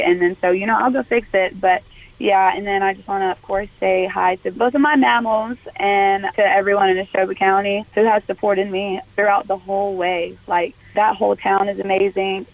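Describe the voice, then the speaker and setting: A young woman from Mississippi, a college softball pitcher talking earnestly and chattily as a guest in a radio interview, full of "like" fillers. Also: no echo, narrow, tinny audio. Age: young adult.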